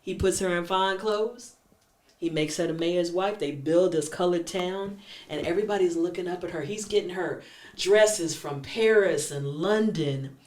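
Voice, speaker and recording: Woman host, animated storyteller, echoey room, mic at a distance. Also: lowish voice, normal speed. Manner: animated storyteller, acts out characters. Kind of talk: storytelling talk show. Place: room with guests.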